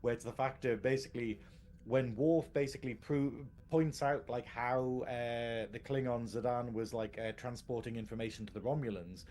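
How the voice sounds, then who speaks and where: A man's voice: medium pitch, fairly even intonation, normal speed, darkish tone. A man co-hosting a casual live podcast, rambling and restarting his sentences, laughing often. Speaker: podcast co-host.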